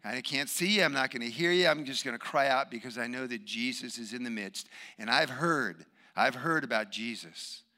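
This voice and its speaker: A man's voice: medium pitch, moderate pace, few pauses, bright, forceful tone, pitched below the performer's own voice. A man voicing a desperate blind man who cries out for mercy, insistent and pleading.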